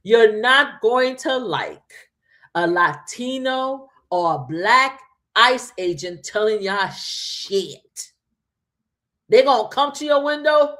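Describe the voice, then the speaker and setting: A woman's voice: on the high side, animated, slow, fairly bright tone. A woman hosting a live stream, giving emphatic, repetitive commentary straight to her viewers from a home setup. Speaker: livestream host.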